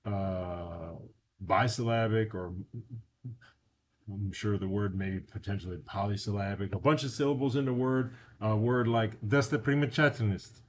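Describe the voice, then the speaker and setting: A man teaching a beginner language lesson in a casual, unhurried way, explaining step by step with frequent fillers. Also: fairly low pitch, a little mellow.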